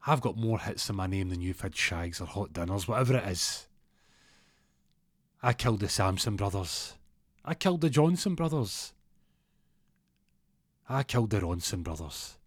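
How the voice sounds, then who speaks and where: A man's voice: on the low side, lively intonation, moderate pace, long pauses, no room sound, clean studio sound. A man doing a menacing gangster. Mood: boastful. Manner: threatening, boastful. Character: menacing male Glasgow gangster with a knife.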